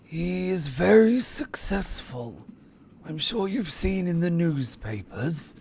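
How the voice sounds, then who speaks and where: A man running a tabletop game and speaking in character in a measured, conversational way. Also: sits high, very animated, creaky, a little mellow, a little hiss or hum. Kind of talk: in-character tabletop role-play.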